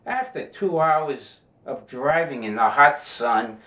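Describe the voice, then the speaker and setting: A man telling jokes in a casual, animated way, in a fairly roomy recording. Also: mid-range voice, slow. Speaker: joke teller. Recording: roomy echo.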